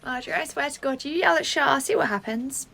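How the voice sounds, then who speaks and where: Woman playing a sarcastic nursery nurse, exasperated, fairly high voice. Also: fairly quick, gravelly, sharp tone, exaggerated voice. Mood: warning. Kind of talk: comedy skit.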